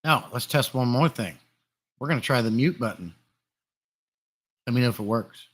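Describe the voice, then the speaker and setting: A livestream host with a medium-pitched voice and moderate pace chats casually and greets viewers by name. He's recorded on a desktop USB condenser mic in a room full of glass fish tanks.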